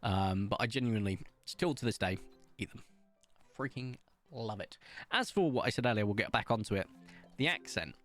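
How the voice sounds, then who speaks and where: A man's voice: lowish voice, lively intonation, normal speed, fairly bright tone, faint music behind. A man from Somerset with a posh English accent, chatting casually and rambling through stories while streaming a game. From England, Somerset. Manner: rambling anecdotal storytelling with frequent ums. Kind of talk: casual chat while gaming.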